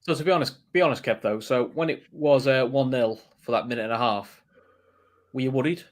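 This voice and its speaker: Man, football podcast co-host, chatty, medium pitch. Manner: reads the sponsor ad in a quick, chatty way. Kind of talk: football reaction podcast chat.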